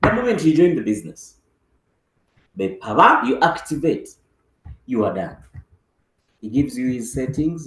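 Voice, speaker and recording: Animated man coaching a team. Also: medium pitch, moderate pace, pauses often, roomy sound, low-quality recording. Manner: animated, acts out dialogue, repeats words. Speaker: business team trainer. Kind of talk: motivational training talk.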